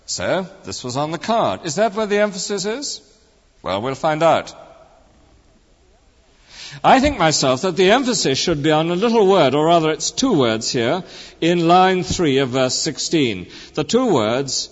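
A man's voice: a little high, sing-song, a little slow. A man preaching a sermon in a conversational, wry way, leaning on emphasis. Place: church. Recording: muffled sermon recording in a reverberant church.

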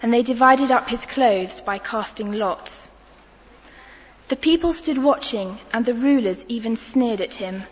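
A woman reading a scripture passage aloud in a measured, deliberate way. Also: fairly high pitch. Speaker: scripture reader. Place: church. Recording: dull lo-fi church recording with long reverb.

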